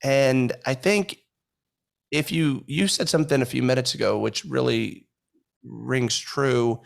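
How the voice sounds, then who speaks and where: A man's voice: medium pitch, measured pace, gravelly. A man co-hosting a podcast, speaking thoughtfully and reflectively with frequent restarts. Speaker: podcast co-host. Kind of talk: casual podcast conversation.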